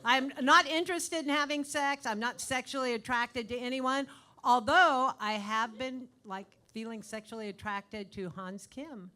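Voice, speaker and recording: Bright-voiced woman in her sixties, deadpan. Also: a little high, a little slow. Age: 60s. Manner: deadpan, dry jokes. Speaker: stand-up comedian guest. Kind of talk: live comedy show banter. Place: comedy club stage.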